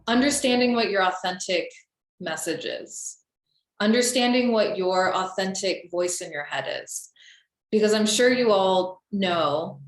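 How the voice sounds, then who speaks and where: A young woman coaching listeners on confidence in a casual, chatty way, full of "um" and "like.". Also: mid-range voice. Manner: chatty, lots of fillers like "um" and "like". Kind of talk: casual spoken teaching. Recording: echoey room.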